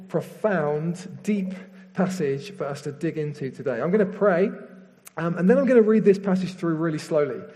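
A man preaching a sermon, leading a prayer and reading scripture slowly and earnestly. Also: a little high. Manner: earnest, slows down and softens in prayer. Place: church hall with screen behind speaker. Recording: long hall reverb.

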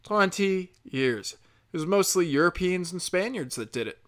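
A speaker in a profane comedic rant, sarcastic, swinging loud and high then low and muttered. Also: animated, a little fast. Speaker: solo commentator.

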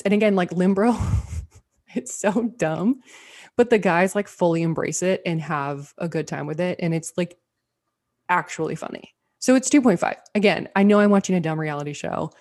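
A woman talks through a TV review in a loose, chatty way, stacking fillers and circling back on her points. Her voice sits a little low for a woman. It is a relaxed podcast conversation. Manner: chatty, rambling, lots of filler words. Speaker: podcast co-host reviewing TV shows. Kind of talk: casual chat.

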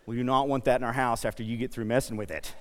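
Pastor preaching in a reverberant hall. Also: male voice, medium pitch, fairly even intonation, quick pace. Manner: storytelling, self-deprecating humor, exhorting. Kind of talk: sermon. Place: church sanctuary. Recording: long reverb in a church hall.

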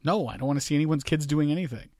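A man's voice: fairly high pitch, racing, warm tone, no room sound. A man in his forties co-hosting a casual podcast, defending his habits with dry jokes and telling family stories. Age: 40s. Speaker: podcast co-host. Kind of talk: casual banter.

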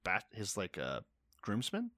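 A man's voice: lowish voice, very animated, brisk, fairly bright tone, no room sound, clean studio sound. A young man in casual podcast chat, explaining a reading with wry, casual swearing.

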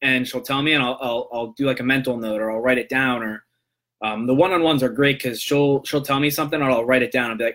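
A man with a bright, forward voice talks through his podcast on his own. He rambles in a relaxed, conversational way, often tagging his points with a quick "right?" His voice sits at a middling pitch. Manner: rambling, loose and conversational, tags lines with "right?". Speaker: podcast host. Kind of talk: casual solo podcast monologue.

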